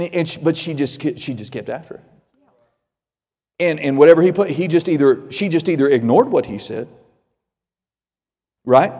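A man preaching a sermon with fervor, building to shouts and acting out voices of Bible figures. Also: on the high side, in a large hall.

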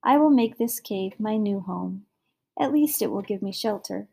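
A woman's voice: mid-range voice, expressive, moderate pace, gravelly, mellow, a little hiss or hum. A woman voicing a young girl in a fairy tale who speaks bravely though her voice trembles a little. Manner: slightly trembling, stammering. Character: brave young girl, frightened but bold.

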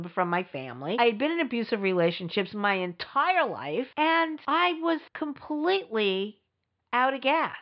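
A middle-aged woman hosting a podcast, telling her own story in a blunt, emphatic, sarcastic way. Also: mid-range voice. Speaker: podcast host. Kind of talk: candid personal storytelling. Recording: dull lo-fi recording.

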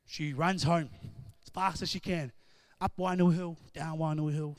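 A man preaching a sermon, moving between conversational storytelling and loud, emphatic call-and-response. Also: on the high side, fairly even intonation, a little slow, hardly any pauses, no echo, studio quality.

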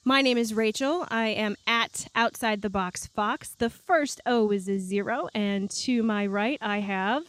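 A woman from New York hosting a casual podcast chat, bubbly and quick to laugh, recorded on a back deck at night. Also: medium pitch, a bit bright, dry recording. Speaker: podcast host.

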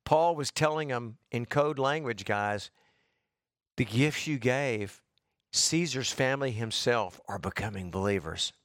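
A man preaching an expository sermon, talking conversationally with his congregation, calling on people by name and rising in pitch for emphasis. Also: measured pace, no echo, clean studio sound. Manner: conversational, calls on congregants by name, frequent "okay?" checks; animated, rises in pitch for emphasis. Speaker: pastor.

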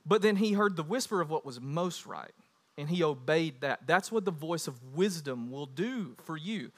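A man in his thirties preaching a sermon as pastor, animated and building to loud emphatic bursts. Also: fairly high pitch, normal speed.

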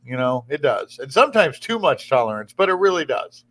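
A man's voice: medium pitch, very animated, fairly quick, a bit bright. A man hosting a radio talk show from a studio, chatting casually and rambling, often restarting his sentences. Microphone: studio broadcast microphone.

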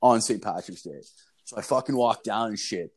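A man's voice: fairly low pitch, moderate pace, slightly rough. A man in casual chat, telling a rambling, profane story with lots of fillers and swearing.

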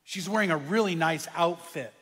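A man's voice: fairly high pitch, normal speed, fairly bright tone, in a large hall, close to an everyday voice. A pastor doing a kind young man.

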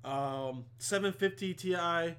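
High-voiced, profane young podcast guy. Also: takes it slowly, fairly bright tone, clear, resonant tone. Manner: rambling and heavily profane, with many fillers. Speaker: podcast host. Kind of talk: casual storytelling monologue.

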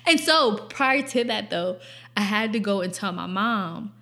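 A woman's voice: mid-range voice, expressive, measured pace, sharp tone. A young woman hosting a podcast, telling a personal story in casual chat, blunt and profane and often laughing. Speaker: podcast host.

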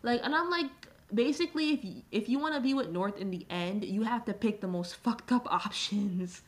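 Animated young woman ranting casually. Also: medium pitch, normal speed. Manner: animated, swears freely, frequent "like" fillers. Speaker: podcast host. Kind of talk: casual ranting game review.

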